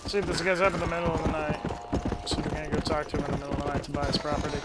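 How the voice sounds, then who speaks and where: A man's voice: fairly high pitch, flat delivery, racing, heavy background noise. Rambling man narrating his gameplay. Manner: rambling, musing aloud, self-questioning. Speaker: let's play host. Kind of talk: casual gameplay commentary. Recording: loud game sounds over the voice.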